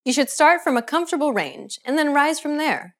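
A woman narrating a scripted language lesson in a clear, measured instructional way. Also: high voice, animated. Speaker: language teacher.

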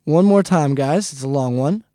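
A man gives a casual language lesson, friendly and repetitive, frequently addressing listeners as "guys." His fairly high, warm voice moves at a moderate pace in a studio-quality recording with no room sound.

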